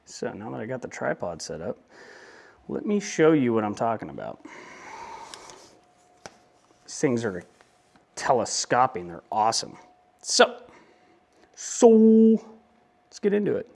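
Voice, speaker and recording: A man's voice: lowish voice, sing-song, measured pace, gravelly, pauses often. A young man talking casually in a motorcycle vlog, rambling with joking asides. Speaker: motovlogger.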